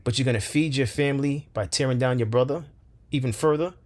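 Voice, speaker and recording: A man's voice: mid-range voice, fairly quick. A man hosting a commentary channel, speaking with passion, firing rhetorical questions and repeating phrases for emphasis. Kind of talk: opinion commentary monologue.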